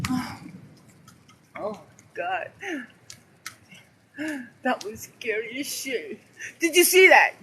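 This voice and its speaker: A woman filming a thunderstorm from an outdoor balcony on her phone, gasping and exclaiming, shrieking when strikes land close. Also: medium pitch. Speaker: person filming a storm. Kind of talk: excited live commentary. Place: eighth-floor balcony outdoors in a storm. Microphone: phone held in hands. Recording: loud rain noise on a phone mic.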